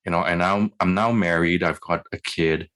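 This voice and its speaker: Deep-voiced middle-aged man telling his story. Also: moderate pace. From Canada. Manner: animated, acts out his own past dialogue. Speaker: physician guest. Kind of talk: conversational storytelling interview.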